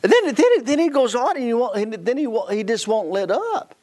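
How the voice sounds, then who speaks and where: A man's voice: extremely high pitch, sing-song, brisk, a little mellow. A man in his fifties, a guest preacher telling a story in a sermon, laughing often and restarting his sentences. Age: 50s.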